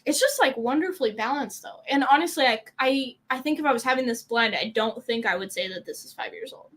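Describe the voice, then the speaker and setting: A young woman guest joins a live whisky tasting. Her voice is high and swoops all over as she talks. She is bubbly and slangy and laughs often. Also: lively intonation, fast talker, a bit bright. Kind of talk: casual live chat.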